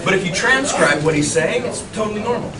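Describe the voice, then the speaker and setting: A man in casual storytelling, animated and laughing, cursing freely through his anecdotes. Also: sits high, quick pace. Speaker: actor guest. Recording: echoey venue, far mic, loud crowd.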